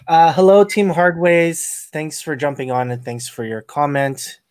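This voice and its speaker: A man hosting a casual podcast, telling work stories with lively acted-out quotes. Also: on the high side, no room sound, clean studio sound. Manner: animated storyteller acting out quoted lines. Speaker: podcast host, casino dealer.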